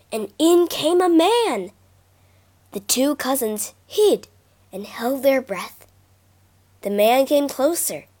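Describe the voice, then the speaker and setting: A woman reads children's fables aloud in an expressive, animated storybook voice. Her pitch is high and swoops widely, and she reads at an unhurried pace. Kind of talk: storybook reading.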